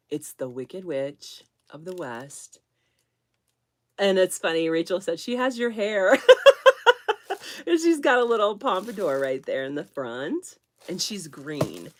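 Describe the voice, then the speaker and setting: Woman doll-collector host, 30s, low voice, lots of swing in pitch, dry close mic, laughs a lot and gets teary. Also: sing-song, slow pace, dry recording. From Kansas. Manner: rambling and emotional, laughs often, near tears. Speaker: doll collector hosting a live chat. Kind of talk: casual live-stream chat.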